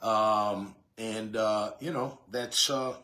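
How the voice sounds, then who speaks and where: A man's voice: on the low side, fairly even intonation, slow pace, sharp tone. A man hosting a sports talk show, giving a casual, rambling monologue full of fillers and restarts. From Jacksonville area.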